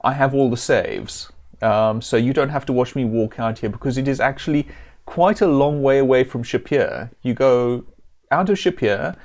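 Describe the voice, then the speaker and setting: A man casually talking through a video game on a stream, chatty and self-deprecating, stopping now and then to clear his throat. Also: medium pitch, darkish tone. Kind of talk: casual game commentary and reading.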